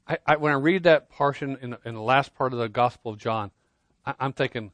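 Man, preacher, earnest sermon, loud then hushed, repeats words, dry sound. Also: mid-range voice, a little fast, no room sound. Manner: earnest, repeats words when starting phrases; swings between loud emphasis and quiet intensity. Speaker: pastor.

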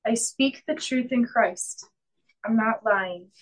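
A woman in a Bible study group reading a scripture passage aloud in a slow, measured way. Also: on the high side, low-quality recording.

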